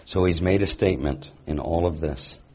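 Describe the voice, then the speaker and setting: A man's voice: low voice, moderate pace, darkish tone, husky. A man teaching a sermon, reading scripture aloud and reflecting on it with rhetorical questions. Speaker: Bible teacher.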